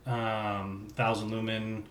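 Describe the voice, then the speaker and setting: Man talking in halting, profane bursts. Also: on the low side, level tone, fairly bright tone, slight background noise. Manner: halting, profane, with many fillers. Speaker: tool manager for his work shift. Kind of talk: casual chat. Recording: echoey room, mic at a distance.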